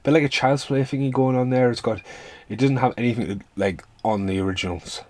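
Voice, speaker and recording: A man's voice: medium pitch, a little fast, darkish tone, no echo. A man giving a rambling, casual film review rant, swearing freely and laughing between points.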